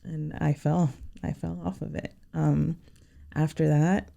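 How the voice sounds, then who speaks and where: A woman guest on a podcast, sharing a personal story in a sincere, halting way with many fillers. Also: deep voice, level tone, creaky, dark tone.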